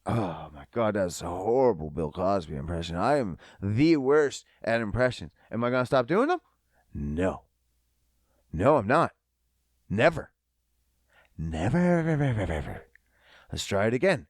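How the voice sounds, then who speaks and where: Alone on his comedy podcast, a young man rants in a rambling, profane, self-deprecating way. He speaks in a lowish, very animated voice at normal speed, leaving long pauses, and the studio-quality recording has no echo.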